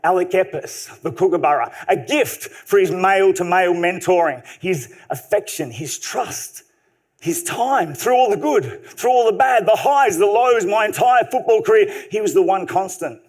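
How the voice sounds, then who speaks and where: Man, stage storyteller, funny and lively, high voice, live talk. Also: moderate pace. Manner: animated, humorous, vivid storytelling. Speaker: speaker.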